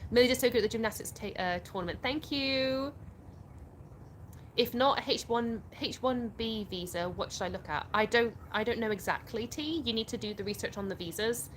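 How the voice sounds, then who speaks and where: Streaming casually from her phone outdoors, this young woman from England chats, reads out viewer comments and laughs easily. She speaks at a moderate pace in a voice on the high side, over a slight hiss or hum.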